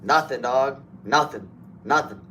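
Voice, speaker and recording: A young man from Ohio spins a story on a podcast in a casual, animated, profane way. His voice sits at an ordinary middle pitch. A faint noise floor hangs under the studio recording. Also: unhurried. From Toledo, Ohio. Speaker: podcast co-host.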